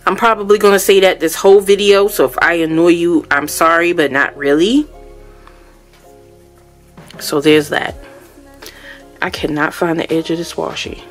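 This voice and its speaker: A woman's voice: lowish voice, steady tone, moderate pace, long pauses, faint music behind. A woman vlogger unboxing products, gushing and exclaiming as she chats casually to her viewers at home. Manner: gushing, exclamatory, keeps addressing viewers as y'all.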